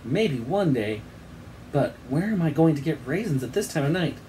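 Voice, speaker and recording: A man's voice: fairly high pitch, lively intonation, moderate pace, dark tone, a little hiss or hum, natural voice, low-quality recording. A man voicing an anxious, earnest young boy in a read-aloud story, with a raised, eager tone.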